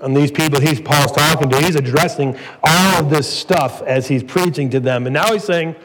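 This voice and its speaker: High-voiced preaching man, reverberant hall. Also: normal speed, few pauses, a bit bright. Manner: earnest preaching, voice rising to emphatic peaks. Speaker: pastor. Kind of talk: sermon. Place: church sanctuary. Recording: church hall reverb, faint noise.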